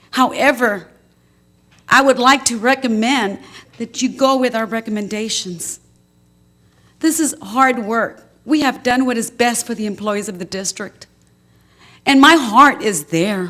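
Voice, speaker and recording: Woman speaking up at a school board meeting, kinda emotional but firm, a bit higher voice. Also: unhurried, fairly bright tone. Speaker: school district risk manager. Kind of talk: public statement at a board meeting.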